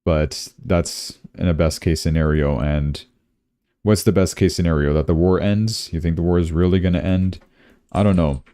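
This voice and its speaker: A man's voice: deep voice, steady tone, moderate pace, dark tone, dry recording, studio quality. A young man from Canada, hosting a crypto livestream in a rambling, casual way and often saying "dude".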